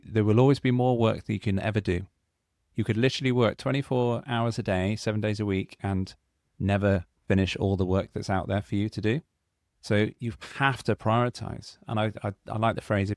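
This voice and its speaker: A British man on a podcast, speaking confidently as he advises on work habits. His voice sits low. The recording is dry and close. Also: steady tone, fairly quick, a little mellow, dry recording. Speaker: podcast co-host, productivity trainer. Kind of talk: conversational podcast discussion.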